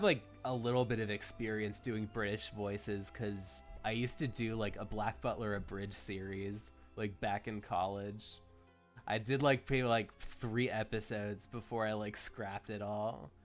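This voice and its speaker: A man's voice: on the low side, fairly even intonation, unhurried, soft background music. A young man streaming a game, rambling casually with lots of "like" fillers. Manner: rambling, heavy use of "like", laughs often. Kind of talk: casual let's-play commentary.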